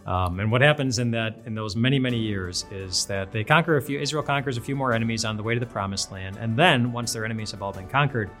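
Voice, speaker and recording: A man's voice: mid-range voice, quick pace, few pauses, fairly bright tone, soft background music. A man giving a devotional sermon, earnest and conversational, often restarting his phrases. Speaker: pastor.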